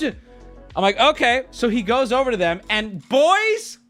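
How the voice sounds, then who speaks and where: A man streaming to his chat, telling a travel story in a lively way and jumping into squeaky put-on voices for the people he quotes. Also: measured pace, faint music behind. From United States. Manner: lively, swings into high squeaky voices when quoting people.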